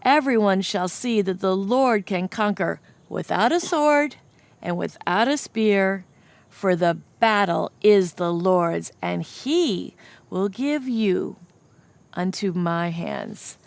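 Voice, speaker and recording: A woman voicing a brave, faithful young shepherd boy in a Bible story lesson for children, speaking slowly and earnestly. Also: medium pitch, animated, creaky, dry recording. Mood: bold. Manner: earnest, slow and emphatic.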